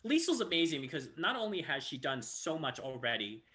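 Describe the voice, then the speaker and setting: A man's voice: a little high, a little fast. A man, a voice actor, chatting casually and acting out stories. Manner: animated storyteller who acts out quotes. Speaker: voice actor guest. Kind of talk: casual chat.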